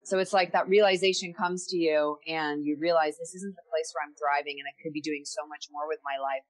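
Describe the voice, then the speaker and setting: A woman with a fairly low voice speaks as a podcast guest. She tells her story in a candid, reflective way and circles back over her words as she searches for them. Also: fairly even intonation, a little fast.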